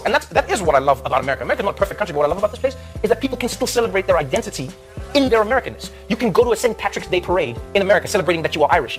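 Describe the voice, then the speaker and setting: A man delivering a comedic monologue as a talk show host, animated and emphatic, repeating words when he gets worked up. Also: high-pitched.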